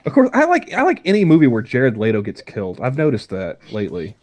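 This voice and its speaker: A man's voice: medium pitch, huge pitch swings, quick pace, a little mellow. A young man co-hosting a podcast, rambling in casual chat and often stammering and restarting his sentences. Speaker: podcast co-host.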